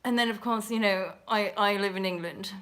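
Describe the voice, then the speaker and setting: A woman's voice: mid-range voice, normal speed, fairly bright tone. A woman hosting a casual livestream, chatting in a bubbly way, laughing often and swearing freely. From Canada. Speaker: livestream host.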